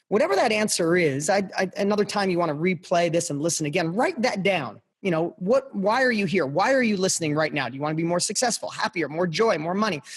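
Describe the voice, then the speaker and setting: A middle-aged man with a fairly high, husky voice, speaking as a podcast guest. He tells his story in an impassioned motivational style. He punches his points home by repeating them and turns to address the listener directly. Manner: passionate, emphatic, repeats phrases for punch.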